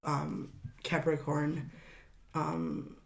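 A woman's voice: sits low, drawn-out words, gravelly. A woman chatting casually as a podcast co-host, emotional and hesitant, often trailing off and laughing. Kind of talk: casual chat.

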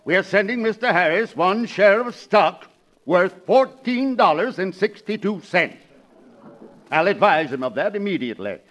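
An actor playing a brusque company boss in a 1940s radio comedy, curt and bossy. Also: male voice, sits high, animated, normal speed, fairly bright tone.

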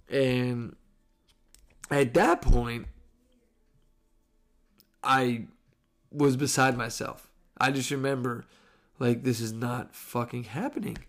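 A man in his thirties hosting a podcast, telling a story in casual, animated, profane style. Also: medium pitch, gravelly. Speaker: podcast host.

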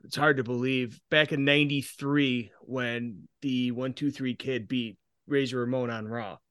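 Smooth-voiced man reading a listener question. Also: mid-range voice, fairly even intonation, unhurried, fairly bright tone, no room sound, clean studio sound. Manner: reads questions with fillers. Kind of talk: casual podcast chat.

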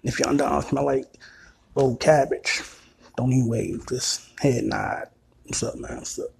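A man with a gravelly, husky voice rambles through a profane comic rant. He circles back to the same lines again and again. His tone is dark and mellow. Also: mid-range voice, fairly even intonation, measured pace. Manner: rambling, repetitive, crude, puts on voices of others. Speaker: comedic ranter.

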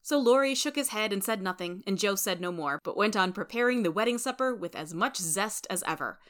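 A woman narrating a storybook in a steady, clear reading voice. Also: mid-range voice, a little fast. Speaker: reader.

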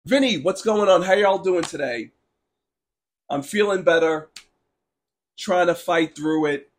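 A man's voice: high voice, measured pace. A man hosting a casual sports talk stream, ranting bluntly and sarcastically while answering chat, with a sore throat. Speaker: sports talk show host.

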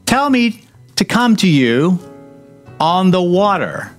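Peter the fisherman disciple, bold and eager, calling out over the waves, as a preacher acts him out. The voice jumps well above the preacher's usual pitch and swings widely, half daring and half pleading. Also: big pitch swings, slow pace, faint music behind, exaggerated voice. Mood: challenging. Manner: pleading, challenging.

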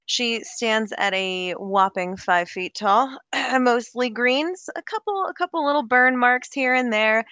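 A woman player talks casually about her tabletop character, breezy and joking, with plenty of "you know"s. Her voice is bright and forceful, and the recording is dry and close-miked. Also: fairly high pitch, unhurried, hardly any pauses, no echo.

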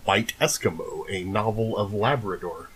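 A man's voice: lowish voice, normal speed, fairly bright tone, breathy edge, low-quality recording. A man co-hosting a casual podcast, telling folklore stories between laughing, tipsy banter at home. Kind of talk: casual storytelling chat.

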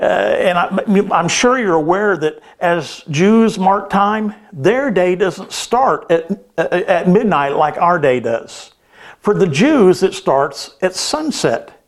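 A male pastor preaching a sermon, telling a story earnestly with hesitant restarts. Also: sits high.

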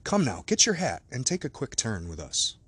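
A man voicing an anxious, kindly middle-aged male lawyer in a storybook reading, urging and raised in pitch above his narration. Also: wildly swooping pitch, normal speed, a bit bright, husky, no room sound, heavily acted. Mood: hearty.

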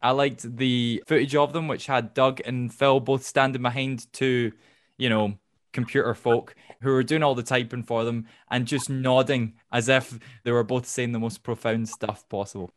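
A man hosting a casual podcast, recapping with wry asides and quick laughs. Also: medium pitch, steady tone, dry recording, studio quality. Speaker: podcast host.

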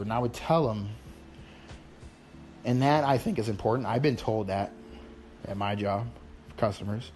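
A man's voice: fairly low pitch, moderate pace, long pauses, darkish tone, slight background noise. A man who works in customer service, telling a candid, rambling and self-deprecating story in casual talk.

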